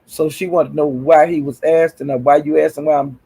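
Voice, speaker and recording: Male livestream host, raspy and gravelly, dramatic and exasperated gossip tone. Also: a little high, steady tone, a little fast, dark tone, low-quality recording. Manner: exasperated, dramatic, sighs and exclamations.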